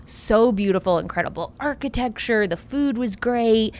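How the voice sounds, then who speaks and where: A woman's voice: fairly high pitch, lively intonation, moderate pace, darkish tone. A woman co-hosting a podcast in casual chat, upbeat and talkative, sprinkling in lots of "like". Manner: upbeat, chatty, lots of "like" fillers. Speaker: podcast co-host.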